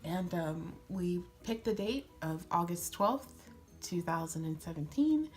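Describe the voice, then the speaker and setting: A woman in her twenties chatting excitedly while doing a makeup tutorial, gushing and giggling as she tells a story. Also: on the low side, unhurried, faint music behind. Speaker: beauty vlogger.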